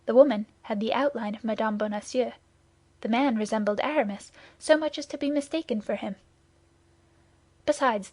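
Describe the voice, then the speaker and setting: A woman narrates a classic audiobook in a steady, measured way. Her voice sits a little higher than most, recorded close and dry with no room sound. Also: dry recording. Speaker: audiobook reader. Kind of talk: scripted narration.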